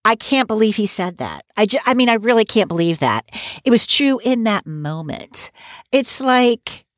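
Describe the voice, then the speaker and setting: Lively, opinionated woman podcast co-host. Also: a little high, normal speed, dry recording, studio quality. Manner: opinionated, animated, laughs while talking. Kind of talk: casual recap chat.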